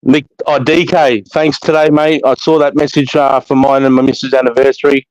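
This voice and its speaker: An Australian man hosting a livestream, giving sweary, matey shout-outs to his chat in a casual way. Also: mid-range voice, no room sound, highs cut off. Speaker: livestream host.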